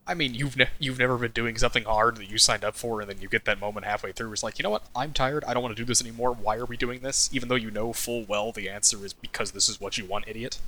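A man chats casually on a podcast about an anime episode, with a middle-pitched voice. He makes dry, teasing wisecracks, often in a deadpan tone. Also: fast, hardly any pauses, low-quality recording. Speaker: podcast co-host. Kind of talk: casual chat.

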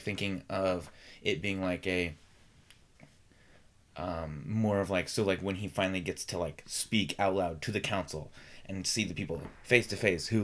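Low-voiced guy cohosting a gaming podcast, loose rambly chat, lots of likes. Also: fairly bright tone. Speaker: podcast co-host. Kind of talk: casual chat.

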